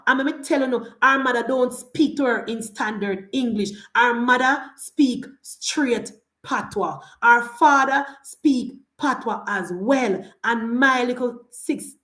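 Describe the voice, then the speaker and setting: A fiery Jamaican woman gives a heated political rant, sliding between thick patois and standard English. Her voice sits fairly high. The room is echoey. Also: fairly bright tone. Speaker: political commentator.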